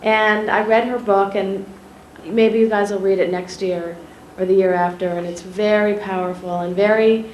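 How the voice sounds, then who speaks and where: A woman journalist telling schoolchildren a personal story in an animated way, often asking them questions directly. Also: medium pitch, normal speed, hardly any pauses. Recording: echoey room, faint ambient noise.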